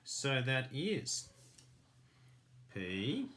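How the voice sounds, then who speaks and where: A man's voice: mid-range voice, very animated, drawn-out words, a bit bright. Patient man teaching kids a craft. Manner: patient, step-by-step instructions. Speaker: primary school teacher. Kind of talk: children's craft lesson.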